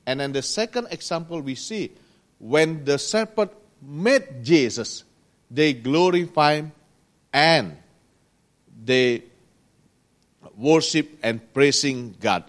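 Slow, earnest man preaching a sermon. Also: a little high, expressive. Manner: slow, earnest preaching with pauses and rising emphasis; non-native grammar.

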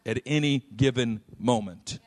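A man preaching a sermon, telling a personal story and acting out its voices, dropping soft and low in quiet moments and shouting at the peaks. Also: unhurried.

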